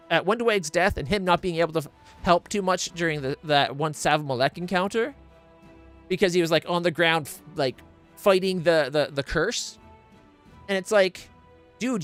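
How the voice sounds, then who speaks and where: A man's voice: high voice, fairly bright tone. A man streaming a game blind, ranting in exasperated, profane casual commentary into a desk mic.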